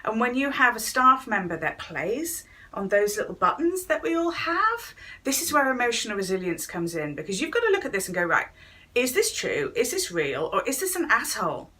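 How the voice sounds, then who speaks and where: A woman's voice: fairly high pitch, sing-song, normal speed, bright, forceful tone. A woman giving a chatty talk on workplace wellness, speaking straight to viewers and acting out quoted voices along the way. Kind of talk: direct-to-camera talk to viewers.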